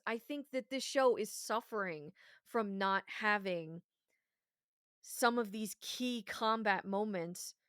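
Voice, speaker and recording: A woman's voice: on the high side, sharp tone, dry recording, studio quality. A woman co-hosting a podcast in casual review chat, talking passionately and emphatically and swearing freely. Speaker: podcast co-host.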